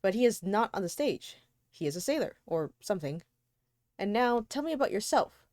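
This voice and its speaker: A woman reading the part of a detached, callous young man in a slow, languid way. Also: mid-range voice, very animated, a little mellow, no echo, clean studio sound, lightly acted. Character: cool, callous young man, aloof and bored. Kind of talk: amateur read-aloud of a novel.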